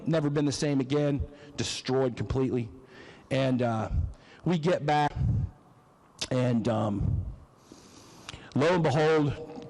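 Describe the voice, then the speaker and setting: A man's voice: on the high side, darkish tone. A middle-aged man, giving an emotional, emphatic floor speech as a state legislator and telling a personal story. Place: legislative chamber. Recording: long reverb of a legislative chamber.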